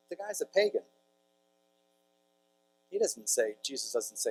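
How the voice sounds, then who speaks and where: A man's voice: fairly low pitch, big pitch swings, normal speed, long pauses, music in the background, rough recording. A man, a priest speaking to a large audience in a conversational storytelling talk with jokey asides to the crowd. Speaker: priest giving a conference talk.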